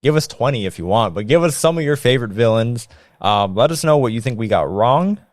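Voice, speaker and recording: A man co-hosting a casual podcast, animated and joking as he thinks aloud. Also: medium pitch, a little fast, no echo, clean studio sound. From United States. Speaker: podcast co-host. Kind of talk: casual chat.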